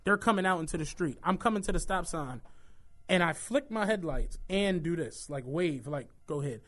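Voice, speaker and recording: A young man, co-hosting a podcast in casual chat, telling stories in an animated way and acting out what people said. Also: fairly high pitch, normal speed. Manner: animated storytelling, acts out quotes, swears freely. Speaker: podcast co-host.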